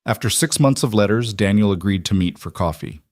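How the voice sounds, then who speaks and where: A man narrating a scripted family story in an even, unhurried way. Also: fairly low pitch, no room sound, clean studio sound.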